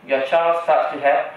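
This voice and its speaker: A man's voice: medium pitch, muffled recording. Man, Malaysian English accent, doctor lecturing, chatty, checks in with listeners, distant mic, very echoey hall. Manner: chatty, checks in with the audience using "right?" and "okay?". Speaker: doctor giving a public health talk. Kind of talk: lecture to an audience.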